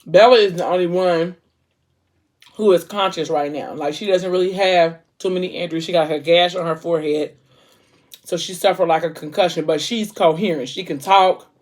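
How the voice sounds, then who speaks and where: A woman book vlogger casually recapping a novel's plot in an emotional, animated way, with informal slang. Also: on the low side, moderate pace.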